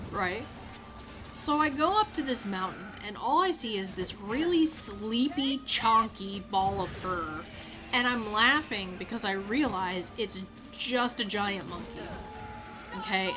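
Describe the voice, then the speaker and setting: A woman hosting a gaming video, telling a casual anecdote in an animated way, swearing freely and acting out quotes with loud cries. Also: medium pitch, moderate pace, background noise.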